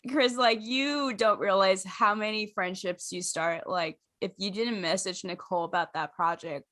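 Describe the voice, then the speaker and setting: A woman's voice: medium pitch, normal speed, a bit bright. A woman hosting a casual fan podcast, speaking in an earnest, giggly way. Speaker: podcast host.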